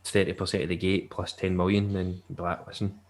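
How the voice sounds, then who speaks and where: A man's voice: sits low, little pitch movement, fairly quick. A man co-hosting a podcast, rambling and joking in casual chat. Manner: rambling and jokey, laughs often. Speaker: podcast co-host.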